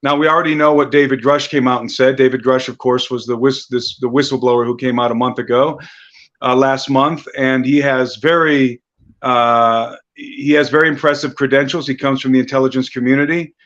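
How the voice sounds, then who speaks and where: A male guest researcher giving long, earnest explanations in an interview. His voice sits in a middle pitch, and his audio comes through dull and lo-fi from a remote connection. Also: steady tone, a little fast, a bit bright. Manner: earnest, explanatory, with restarts and fillers. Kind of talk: interview answers.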